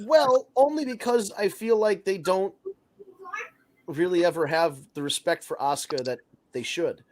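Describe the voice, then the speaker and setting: A man hosts a casual wrestling podcast. His voice sits a little high, and he rambles, restarts and swears freely when something annoys him. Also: normal speed. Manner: rambling, swears, animated rants. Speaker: podcast host.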